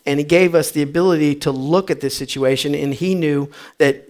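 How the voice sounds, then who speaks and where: High-voiced man preaching an animated sermon. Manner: animated storytelling with humor. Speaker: pastor.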